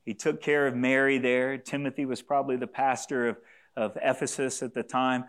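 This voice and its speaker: A man's voice: medium pitch, little pitch movement, moderate pace, fairly bright tone, smooth. A man preaching a sermon to a congregation, earnest and repeating key phrases for emphasis, sometimes asking listeners to say lines back to him. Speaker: pastor.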